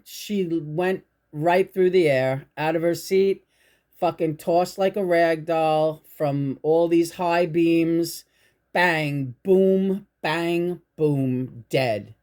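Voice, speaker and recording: A woman hosting her own channel, telling a spiritual story in a rambling, halting way, restarting her sentences and swearing. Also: lowish voice, a little mellow. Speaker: channel host. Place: indoors at home.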